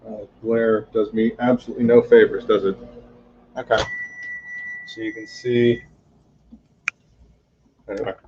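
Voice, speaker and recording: A man's voice: fairly low pitch, flat delivery, measured pace, pauses often, background noise. Wry joking man cooking in kitchen. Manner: joking, wry, swears casually. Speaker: cooking streamer. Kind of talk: casual cooking chat with viewers. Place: home kitchen. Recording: muffled lo-fi home recording.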